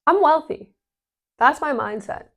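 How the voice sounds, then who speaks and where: A woman talking casually as a business coach, energetic and full of fillers, swearing now and then. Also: sits high, unhurried, gravelly. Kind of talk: casual explainer vlog.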